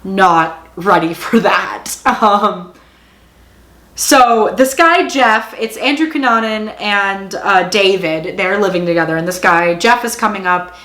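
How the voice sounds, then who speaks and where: A woman's voice: mid-range voice, slow pace, a bit bright. A woman casually recapping a TV episode, talking in a chatty way full of fillers and acting out the quotes. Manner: chatty, filler-heavy retelling with acted-out quotes. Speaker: show reviewer. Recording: roomy echo.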